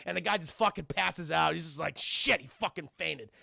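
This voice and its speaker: On a live stream, a man recaps a cartoon episode, cursing freely and acting out the scenes in voices as he goes. His voice is a little high and creaky, his pace fairly quick, and the recording is dry with clean studio sound. He comes across as profane and animated.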